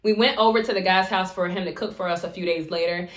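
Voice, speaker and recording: A woman's voice: lowish voice, quick pace. A woman telling a story in a casual vlog, acting out what people said and laughing often. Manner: animated storytelling, acts out quotes. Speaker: vlogger.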